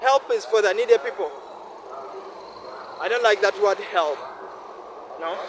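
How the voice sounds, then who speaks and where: A Ugandan man in his twenties vlogs outdoors beside a busy road, his fairly high voice riding over loud traffic noise. He speaks earnestly and repeats himself, often checking in with the listener. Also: a little slow. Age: 20s. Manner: earnest, repetitive, asks listener "no?". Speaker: vlogger. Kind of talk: casual vlog monologue.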